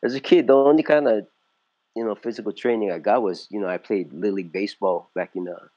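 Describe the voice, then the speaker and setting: Older man in his sixties, low voice, very dry close sound, rambling interview talk full of fillers. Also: quick pace, dark tone, no echo, dull audio. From California. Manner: rambling, many fillers and restarts. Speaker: martial arts instructor, interview guest. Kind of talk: casual interview storytelling.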